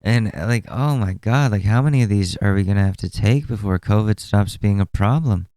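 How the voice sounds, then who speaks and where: A man's voice: lowish voice, normal speed, mellow, no echo. A man in his twenties hosting a solo podcast, rambling and exasperated, swearing freely as he talks. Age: 20s. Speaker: podcast host. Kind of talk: casual solo commentary.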